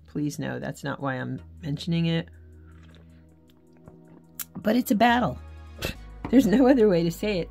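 A woman's voice: sits low, gravelly. A woman vlogging about her faith in casual, earnest talk, candid and often correcting herself mid-sentence. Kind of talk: casual devotional vlog talk.

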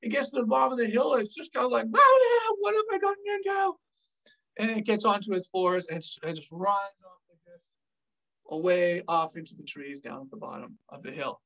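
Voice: mid-range voice, brisk, gravelly, recorded from a distance, low-quality recording. A former army officer telling a war story on a vlog, acting out the scenes with gestures. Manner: animated, acts scenes out with gestures.

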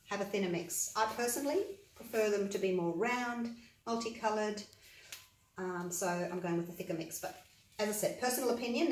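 A woman's voice: medium pitch, recorded from a distance, slight background noise. A woman vlogging a paint-pouring demonstration, talking in a chatty, practical and encouraging way. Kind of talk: casual demonstration talk. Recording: roomy echo, voice from away from the mic.

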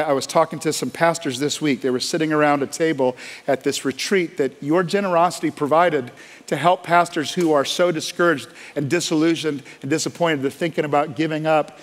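Male pastor, sermon delivery, impassioned storyteller, loud then hushed, slightly high voice. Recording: long hall reverb.

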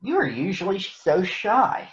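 A man voicing a gentle, earnest young male elephant in a storybook reading, raising his voice to sound childlike. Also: high-pitched, very animated, a little slow, pitched above the performer's own voice. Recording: echoey, muffled room recording.

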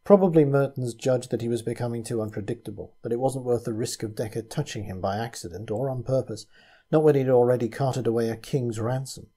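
A man reading a story aloud as narrator, in a measured storytelling manner. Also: mid-range voice, mellow, husky. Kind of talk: scripted narration.

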